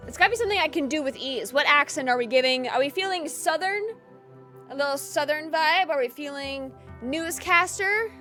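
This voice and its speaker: A young adult woman streaming a game, chatty and thinking aloud, with loud excitable outbursts. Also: sits high, moderate pace, soft background music. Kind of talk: gaming stream commentary.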